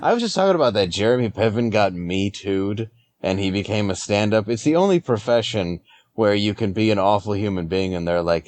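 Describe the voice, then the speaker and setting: A middle-aged man, a comedian, telling an animated anecdote in casual podcast conversation and acting out the people in it. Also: fairly low pitch, a little fast. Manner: animated anecdote-teller, acts out other people. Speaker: comedian guest. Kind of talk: conversational storytelling.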